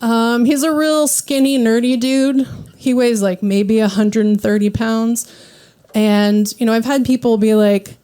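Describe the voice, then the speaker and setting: A woman in her thirties hosting a stand-up comedy set, self-deprecating and animated as she acts out what others say. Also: fairly high pitch, a little slow, clear, resonant tone. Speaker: comedy show host. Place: live comedy venue with audience.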